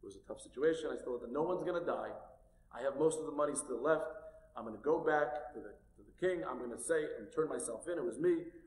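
A desperate middle-aged man owning up to a theft, as a male storyteller puts him on. He speaks low and earnestly. The voice rings in a long hall reverb. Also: fast, a little mellow, lightly acted. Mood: subdued, earnest. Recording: echoey hall.

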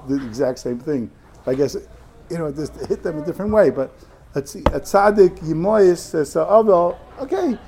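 A man teaches a Torah class in a somewhat high voice. He talks in halting bursts, often restarting a phrase and dropping in Hebrew and Yiddish terms. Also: a little mellow. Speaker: yeshiva rebbe. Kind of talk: Torah lecture to students.

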